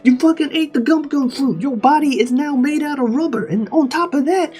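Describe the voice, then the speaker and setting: A man voicing a relaxed, slangy male pirate captain who shrugs everything off. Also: on the high side, normal speed, soft background music, voice pushed up. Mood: easygoing.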